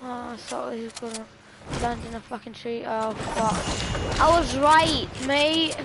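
A woman giving gameplay commentary, full of profane, excitable trash talk. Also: fairly high pitch, unhurried. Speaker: gamer. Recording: noisy game audio behind. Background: game sounds and gunfire.

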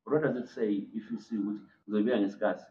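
A man's voice: lowish voice, fairly even intonation, rapid-fire, warm tone, a little hiss or hum. A South African man, a journalist asking a probing question at a press conference and mixing in Zulu phrases. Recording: distant, phone-like, echoey room.

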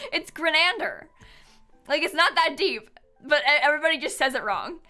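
A woman's voice: sits high, animated, moderate pace, pushed and bright. Giggly chatty young woman streamer. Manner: chatty, rambling, giggly, many fillers. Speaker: live streamer. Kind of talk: casual chat with stream viewers. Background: faint music.

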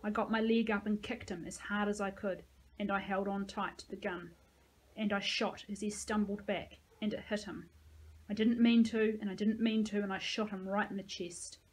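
Woman, teacher, reading aloud, steady, plain, mid-pitched. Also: normal speed.

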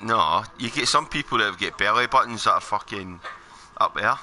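A man's voice: lowish voice, lively intonation, normal speed, pushed and bright, slight background noise. A man streaming a game, chatting casually with other players, blunt and joking with plenty of swearing. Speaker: gaming livestreamer. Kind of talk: casual party chat while gaming.

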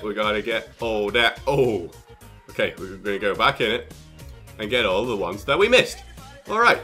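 A young man with an excitable, jokey manner, commentating on his own gameplay and exclaiming often. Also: medium pitch. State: out of breath. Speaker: gaming YouTuber.

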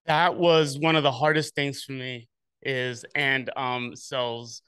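A man's voice: medium pitch, level tone, slow pace, fairly bright tone, smooth, no echo. A man hosting a club meeting, introducing each speaker in an encouraging, conversational way.

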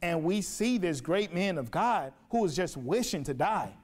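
Male preacher, sermon, high voice, emphatic, repeats himself, rhetorical questions. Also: lively intonation, moderate pace. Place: church sanctuary.

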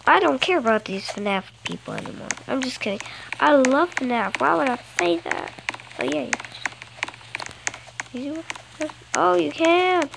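Girl, high lively voice, gravelly edges, chatty game commentary, noisy phone recording. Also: measured pace. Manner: playful and chatty, gasps and sings in bursts. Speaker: gameplay vlogger. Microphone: phone screen recorder.

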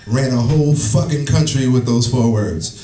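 A man's voice: mid-range voice, normal speed, a little hiss or hum. Profane man doing stand-up in an echoey club. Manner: profane, animated, acts out characters. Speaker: stand-up comedian. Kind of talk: stand-up comedy set. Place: comedy club stage. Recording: echoey live room, distant, music behind.

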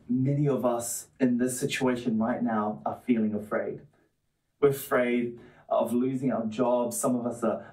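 A man preaching a sermon in an earnest, steady way, stacking up repeated phrases to drive each point home. His voice sits at an ordinary middle pitch. It sounds roomy and a little far from the mic. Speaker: pastor. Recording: roomy echo, mic at a distance.

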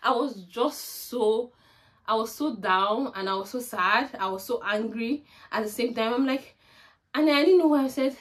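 A Nigerian woman with a slightly high voice tells a personal story for her storytime vlog at normal speed. In her Nigerian accent, she animatedly acts out the dialogue she remembers.

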